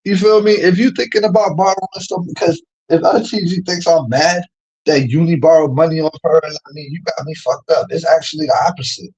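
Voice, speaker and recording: A man, ranting in casual livestream chat, slangy and animated, laughing often. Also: on the high side, fairly quick, slightly rough, highs cut off. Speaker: streamer.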